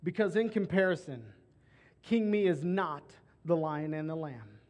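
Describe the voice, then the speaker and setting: High-voiced man preaching a sermon. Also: expressive, darkish tone. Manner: rhythmic preaching with repeated phrases, rising on lists; slows on key words, ends in a prayer. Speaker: pastor.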